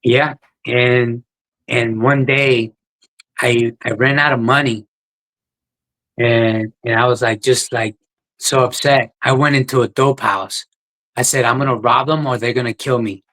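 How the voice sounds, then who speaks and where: A man talks as a podcast guest. He tells his story in an earnest, plain-spoken way. His voice sits at a middle pitch. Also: fairly even intonation, measured pace, fairly bright tone, low-quality recording. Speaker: guest, ultra runner. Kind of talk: podcast interview, personal story.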